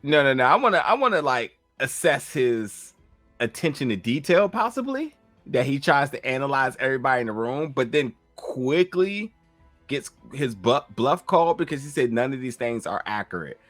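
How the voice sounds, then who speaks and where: A man's voice: mid-range voice, moderate pace, no room sound. Southern guy chatting thru a tv recap, dry close mic, faint music under. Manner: animated, acts out quotes, frequent fillers. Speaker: podcast co-host reviewing a TV episode. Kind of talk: casual recap chat.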